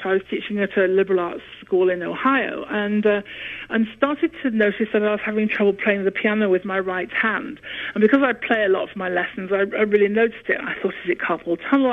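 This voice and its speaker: British woman telling a story down a phone line. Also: mid-range voice. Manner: animated, laughing storyteller. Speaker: guest opera singer. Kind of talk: storytelling interview.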